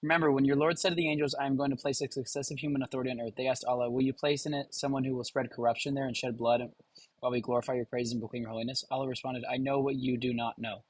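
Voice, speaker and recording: A man's voice: medium pitch, little pitch movement, very fast, breathy edge, dry recording, poor audio. A man hosting a live watch party, reading a passage aloud with casual asides to viewers. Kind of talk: live stream commentary.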